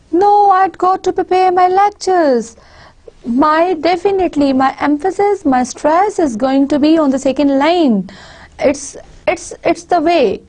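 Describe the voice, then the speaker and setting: A woman's voice: high voice, a little mellow. A woman with a Pakistani accent giving a university lecture, explaining step by step with spoken examples and frequent restarts.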